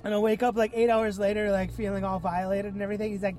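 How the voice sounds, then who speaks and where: A man's voice: high-pitched, little pitch movement, fast talker, a little mellow. A man hosting a comedic vlog from a car, rambling in a laid-back way with lots of fillers. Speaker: vlog host.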